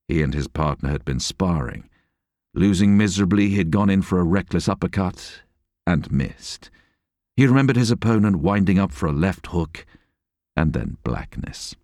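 A man reading a novel aloud as an audiobook narrator, expressive and measured. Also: sits low, dry recording, clean studio sound. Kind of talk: scripted narration.

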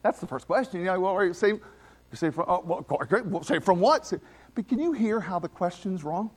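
A man preaching a sermon, emphatic, swinging between loud exclamations and quiet asides. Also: high voice, expressive, fairly quick.

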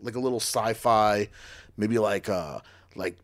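A man's voice: fairly low pitch, unhurried. A man co-hosting a podcast in casual chat, joking and rambling with lots of fillers. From Long Island, New York. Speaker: podcast co-host.

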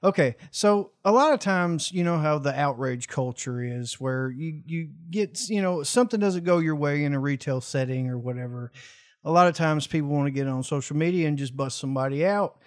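A man's voice: a little high, a little fast, dry recording, clean studio sound. A man co-hosting a podcast, joking and telling a story in casual chat. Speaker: podcast co-host.

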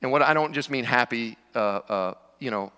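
Bright-voiced male pastor in a reverberant hall. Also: medium pitch, moderate pace, smooth. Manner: conversational preaching with joking asides. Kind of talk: sermon. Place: church sanctuary. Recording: long reverb of a large hall.

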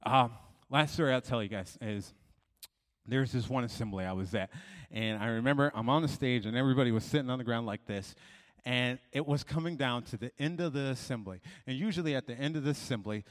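A man preaching a sermon, telling stories dramatically, dropping to a hush and rising to shouts. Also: mid-range voice, a little fast. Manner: dramatic storytelling, swings between hushed and shouting. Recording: long hall reverb.

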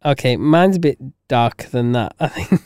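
A man's voice: medium pitch, lively intonation, normal speed, darkish tone, clean tone, no room sound. A man co-hosting a casual podcast, laughing a lot and teasing in a dry way. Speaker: podcast co-host. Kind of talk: casual chat.

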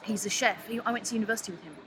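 A woman's voice: medium pitch, racing, background noise. A woman appearing as a podcast guest, telling rambling, self-mocking stories in casual chat.

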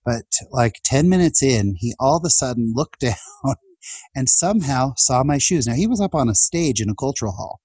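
A man's voice: mid-range voice, expressive, normal speed, darkish tone, slightly rough, no echo. A man in his forties telling personal stories in a casual podcast chat, earnest and emotional, laughing now and then. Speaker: guest.

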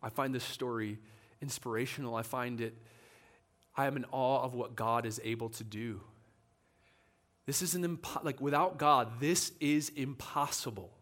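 Speaking at ordinary speed in a mid-range voice, this man delivers a church sermon. His storytelling is lively, and he acts out each character's voice as he quotes them.

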